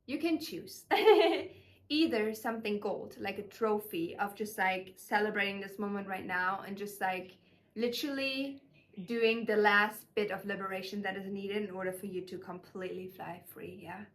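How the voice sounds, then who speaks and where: A young woman channeling spiritual messages in a casual, gushing vlog voice, full of fillers and warm emotion. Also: medium pitch, normal speed.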